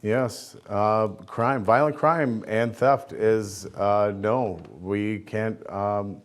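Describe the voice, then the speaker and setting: Halting blunt man at a forum. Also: fairly low pitch, fairly even intonation. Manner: halting, many fillers and restarts, blunt. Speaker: candidate. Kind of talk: candidate forum answer.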